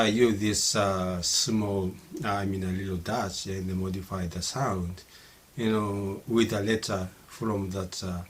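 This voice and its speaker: A middle-aged man from Japan with a Japanese accent, whose first language is Japanese, teaching a casual spoken lesson and pausing often with "you know" and "uh". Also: on the low side. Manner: halting, many fillers like "you know" and "uh".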